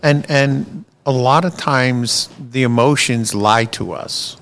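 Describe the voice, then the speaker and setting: A man's voice: medium pitch, slow pace, fairly bright tone. A middle-aged man, a pastor co-hosting a podcast, talking in an affirming way and sharing personal reflections. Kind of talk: casual podcast conversation.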